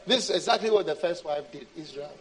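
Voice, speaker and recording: A man's voice: a little high, quick pace, low-quality recording. A man preaching a sermon in an emphatic, repetitive way.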